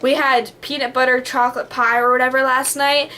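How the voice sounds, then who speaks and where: A woman's voice: sits high, level tone, fairly quick, sharp tone. A woman vlogging in a casual, rambling monologue that is full of fillers and has a bubbly, dramatic manner. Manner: rambling, heavy on the filler word "like".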